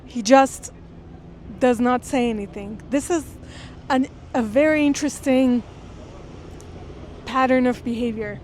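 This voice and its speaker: A woman's voice: a little high, a little mellow, slight background noise. Earnest woman reading and explaining a classic. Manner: earnest, thoughtful, pausing to explain. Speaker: literature lecturer. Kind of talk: reading aloud with close-reading commentary.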